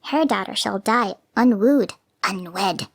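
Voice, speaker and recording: A woman's voice: medium pitch, animated, slow. A woman voicing a little talking dog that chants rhymed warnings in a storybook tale. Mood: chanting. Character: little prophetic barking dog, male.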